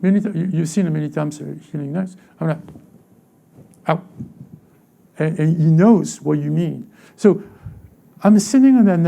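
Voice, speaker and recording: A middle-aged man preaching a sermon as pastor, halting and repeating words, swinging from quiet stretches to loud bursts. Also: sits high, vocal fry.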